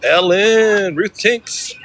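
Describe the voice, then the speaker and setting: A man's voice: sits high, very slow, a bit bright. A man from California chatting casually and slangily on a livestream from city streets, talking into a phone. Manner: chatty, laid-back, slangy. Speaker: livestreaming vlogger. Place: outdoors in a city at night, on the street and a ferry.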